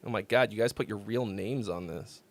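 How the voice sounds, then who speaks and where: A man's voice: lowish voice, moderate pace, noisy background. A man hosting a casual music critique livestream, rambling and laughing as he thinks aloud. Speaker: host.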